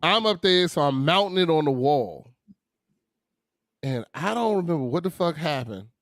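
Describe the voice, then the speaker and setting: A man's voice: fairly high pitch, moderate pace, dry recording, clean studio sound. A man, telling funny stories in a casual chat and laughing often. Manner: animated, laughing storyteller with slang. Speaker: podcast co-host.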